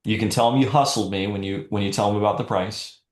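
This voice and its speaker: A man's voice: lowish voice, fast, roomy sound. A man giving a live sales training talk in a direct, coaching manner.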